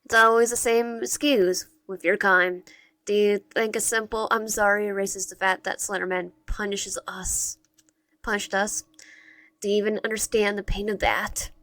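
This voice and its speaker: A woman's voice: medium pitch, little pitch movement, moderate pace, fairly bright tone, no room sound, lightly acted. A woman reading as a bitter, mocking masked man. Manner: mocking, resentful. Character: angry masked young man, bitter and cold.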